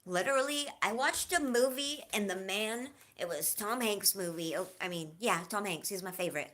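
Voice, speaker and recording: A woman's voice: medium pitch, normal speed. A woman hosting a casual livestream, talking earnestly and personally to her viewers, then chatting and laughing with the chat. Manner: heartfelt, confiding, warm toward viewers; lively, laughing, joking with chat. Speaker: livestream host.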